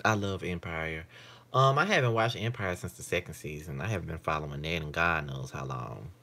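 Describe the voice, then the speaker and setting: A man's voice: deep voice, brisk, pushed and bright. A man in his late twenties chatting casually to camera in a candid, rambling, profane way. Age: late 20s. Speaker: vlogger. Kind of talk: casual vlog chat.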